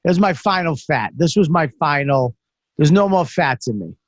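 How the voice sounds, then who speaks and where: A podcast host telling stories in casual chat, profane and self-deprecating, with many restarts. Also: male voice, fairly high pitch, animated, normal speed, dry recording.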